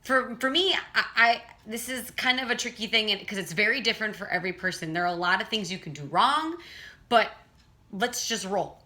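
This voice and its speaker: A woman's voice: mid-range voice, fairly quick, bright, forceful tone. A woman teaching a casual singing lesson, chatting and breaking off to demonstrate vocal sounds.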